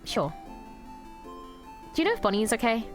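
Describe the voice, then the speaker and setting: A woman's voice: a little high, wildly swooping pitch, normal speed, faint music behind. A woman streamer rambling through emotional live commentary on a game, swearing freely and talking back to chat.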